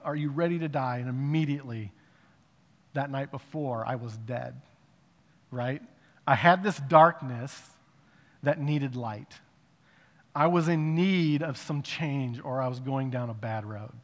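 A man giving a personal testimony in a conversational way, rising to emphatic bursts and dropping to hushed reflection. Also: medium pitch. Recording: long reverb of a large hall.

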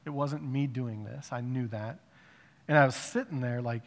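A man's voice: mid-range voice, moderate pace. Man telling a testimony in a reverberant hall. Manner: conversational, with bursts of emphasis and hushed reflective stretches. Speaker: speaker giving a testimony. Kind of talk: personal testimony storytelling. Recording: long reverb of a large hall.

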